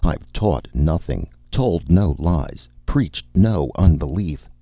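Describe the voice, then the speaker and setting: A man's voice: very deep voice, lively intonation, slow pace, no echo, pitched above the performer's own voice, heavily acted. Man voicing a stony defiant heretic. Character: defiant male heretic craftsman, stony and proud. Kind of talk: audiobook character voice. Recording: dull, dry audiobook recording.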